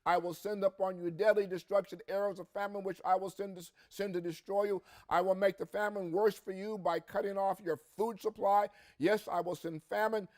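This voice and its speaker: A man's voice: high voice, level tone, a little fast, few pauses, darkish tone. A man co-hosting a religious podcast, reading scripture aloud with rising emphasis and adding his own comments. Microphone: podcast mic.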